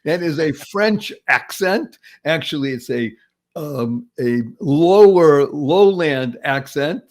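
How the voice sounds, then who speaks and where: A man's voice: on the high side, lively intonation, takes it slowly, darkish tone. Upbeat motivational male podcast host. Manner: enthusiastic, punning, acts out little scenes.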